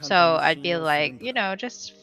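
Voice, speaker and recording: Bright-voiced woman player arguing rules. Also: lowish voice, expressive, measured pace, faint music behind, poor audio. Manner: questioning, argues rules. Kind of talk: casual tabletop play.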